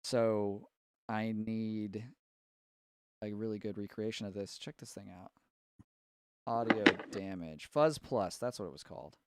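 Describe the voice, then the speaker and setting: Fixing his setup as he goes, a Tennessee man hosts a loose, casual live stream on mixing, distracted and leaning on fillers. His pitch is fairly low, his pace measured, and he pauses often.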